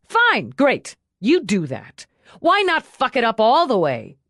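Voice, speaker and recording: A woman plays a tough female police lieutenant, speaking bluntly and forcefully with a sarcastic edge and an urgent mood. Her delivery is very animated at normal speed and medium pitch, set above her natural voice yet close to an everyday one. The recording is dry and studio quality.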